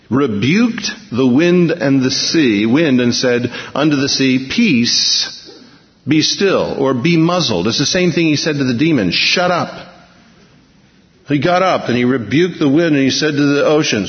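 A man preaching a sermon in a storytelling way, acting out the lines of the people in the story and changing his pace and loudness. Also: mid-range voice. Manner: storytelling, acts out quotes with shifting pace and volume. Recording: dull, muffled sound in a long-reverb hall.

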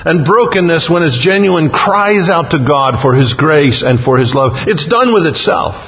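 A man preaching a sermon in an earnest, repetitive cadence, stressing his key phrases slowly. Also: fairly high pitch, expressive, a little hiss or hum. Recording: dull, muffled audio with long reverb.

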